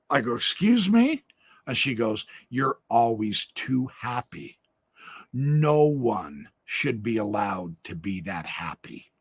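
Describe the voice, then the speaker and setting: A middle-aged man hosting a livestream, telling stories in an animated, upbeat way that swings between booming and hushed. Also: slow, gravelly, husky, dry recording. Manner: upbeat, self-described extrovert. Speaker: livestream host. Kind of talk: casual monologue.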